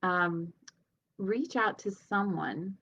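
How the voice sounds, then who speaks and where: A woman's voice: mid-range voice, extremely slow, a bit bright, dull audio. A woman speaking as a healer and leadership coach, giving an earnest, conversational motivational talk with light laughs.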